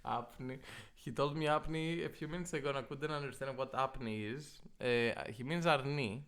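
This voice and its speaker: Smooth-voiced teasing male podcast host. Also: medium pitch, fairly even intonation, brisk, fairly bright tone. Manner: teasing, chuckling. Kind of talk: casual chat.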